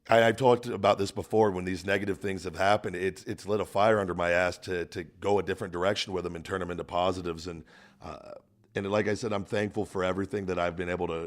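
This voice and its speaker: Deep-voiced man in halting podcast talk. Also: steady tone. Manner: earnest, halting, many restarts. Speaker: podcast host. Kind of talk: casual podcast chat.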